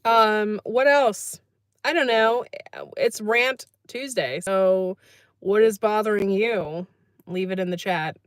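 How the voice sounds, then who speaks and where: A woman's voice: medium pitch, slow, clean tone, no room sound, clean studio sound. Chatty woman hosting a livestream. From United States. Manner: chatty, laughs often, reads chat comments aloud. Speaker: livestream host. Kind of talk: casual livestream chat.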